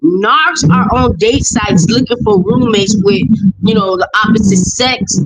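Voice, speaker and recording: A woman's voice: mid-range voice, unhurried. Blunt, swearing woman telling a story. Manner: blunt, emphatic, swears often. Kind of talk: casual storytelling chat. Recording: noisy stream audio.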